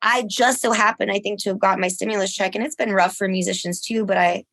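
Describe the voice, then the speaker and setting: A woman's voice: fast, dry recording. A woman guest, a musician, telling a story in a casual podcast chat, laughing often and acting out what people said. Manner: animated, laughs often, acts out quotes in a higher voice.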